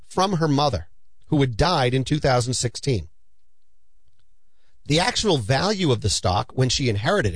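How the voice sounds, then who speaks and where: A man's voice: medium pitch, dry recording. A middle-aged man, a financial advisor hosting a show, giving earnest, persuasive money advice and telling client stories. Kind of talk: conversational advice talk.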